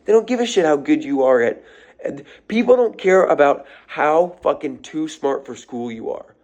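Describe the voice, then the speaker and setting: A man's voice: fairly high pitch, animated, normal speed, darkish tone. A man giving an off-the-cuff motivational rant to his followers, blunt and profane, hammering phrases over and over. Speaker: social media creator.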